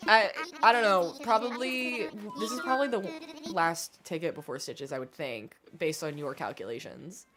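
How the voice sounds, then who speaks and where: A chatty American woman talks on a gaming livestream, rambling and poking fun at herself with plenty of ums and likes. Her voice sits a little low for a woman. Bright game music plays clearly behind her. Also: normal speed. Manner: chatty, rambling, self-deprecating, many fillers. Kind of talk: casual livestream chat while playing.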